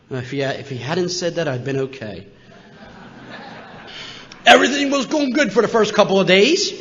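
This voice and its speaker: A bright, high-voiced man in his sixties from Philadelphia spins a funny personal story for a recovery meeting crowd. He is animated and jokey, jumping into other people's voices. The recording is muffled, with a long hall reverb. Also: moderate pace, pauses often, a little hiss or hum. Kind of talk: humorous personal storytelling to an audience.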